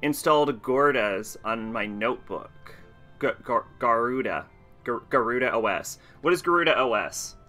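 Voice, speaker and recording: A man's voice: mid-range voice, lively intonation, normal speed, bright, forceful tone, faint music behind. A man casually commenting on a video game stream, chatting with viewers and laughing often.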